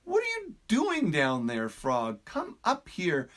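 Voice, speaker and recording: A patient, good-hearted female turtle pleads earnestly in a lifted, lively voice, as a man acts her out. She stumbles over a word or two as she coaxes, telling it like a storybook. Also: high voice, voice pushed up, heavily acted. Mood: coaxing. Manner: earnest, coaxing, a bit halting.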